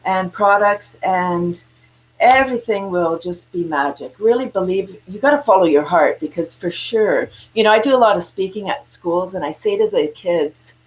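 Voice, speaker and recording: Medium in pitch and moderate in pace, this woman is a guest entrepreneur chatting over a video call. In a casual interview, she tells stories with animation, acting out quotes and laughing.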